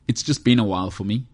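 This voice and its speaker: A man's voice, on the low side and a little mellow, carries a casual solo podcast that he hosts himself. Indoors in a heated room, he rambles along, joking and mocking himself as he chats alone.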